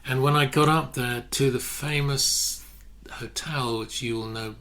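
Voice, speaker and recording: An older man, a photographer telling stories in a relaxed interview, often restarting his sentences. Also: mid-range voice, a little slow. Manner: anecdotal, self-correcting, many restarts. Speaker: guest photographer. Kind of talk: casual interview chat.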